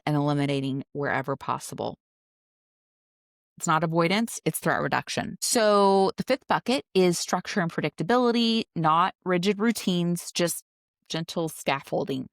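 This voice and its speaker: A woman's voice: deep voice, no echo, clean studio sound. A middle-aged woman hosting a solo podcast, talking through a list in a conversational way with playful exaggeration. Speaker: podcast host.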